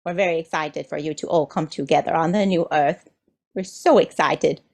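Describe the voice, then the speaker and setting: A woman's voice: low-pitched, moderate pace, gravelly, darkish tone. A woman channeler delivering a spiritual message as a collective "we", playful and enthusiastic, often checking in with her listeners. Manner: teasing, checks in with "do you see?".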